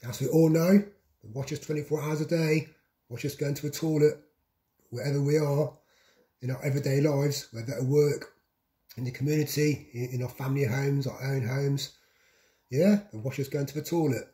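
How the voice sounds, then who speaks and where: A man's voice: mid-range voice, steady tone, normal speed, mellow. A man talking in a repetitive, insistent vlog monologue, piling up long lists. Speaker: vlogger. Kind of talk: monologue to camera.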